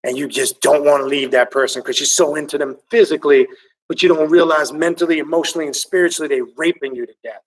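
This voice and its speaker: Guy ranting on a livestream, swearing a lot, gets animated, voice kinda high and a little far from the mic. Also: fast. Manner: excitable, animated and profane. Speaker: occult channel host reading viewer comments. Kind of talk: livestream commentary rant.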